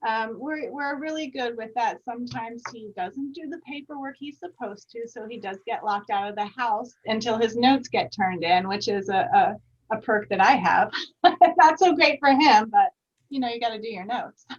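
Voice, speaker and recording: A woman guest chatting in a lively way on a video call, laughing often and getting louder when amused. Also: fairly high pitch, normal speed. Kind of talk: casual interview chat. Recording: distant, dull remote mic.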